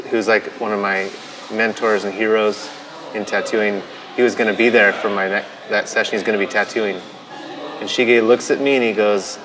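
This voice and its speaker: Low-voiced man recalling with halting restarts. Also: fairly bright tone, rough recording. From United States. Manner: halting, frequent restarts, quotes his own inner voice. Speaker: tattoo artist interviewee. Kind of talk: documentary interview recollection.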